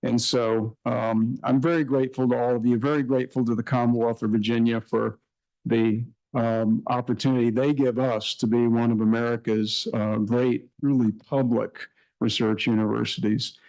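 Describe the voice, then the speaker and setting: A man's voice: medium pitch, little pitch movement, moderate pace, a little mellow, poor audio. A middle-aged man, a university president, giving an earnest welcome speech at a summit, repeating words for emphasis with many fillers.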